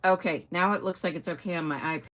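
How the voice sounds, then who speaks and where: A woman's voice: on the low side, quick pace, a bit bright. A middle-aged woman chatting casually on a live stream, greeting viewers by name and trailing off with fillers. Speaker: livestream host.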